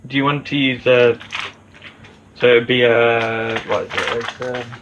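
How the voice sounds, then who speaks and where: A man's voice: medium pitch, little pitch movement, measured pace, fairly bright tone, lo-fi sound, slight background noise. A man in casual kitchen banter as a podcast co-host, joking and swearing casually.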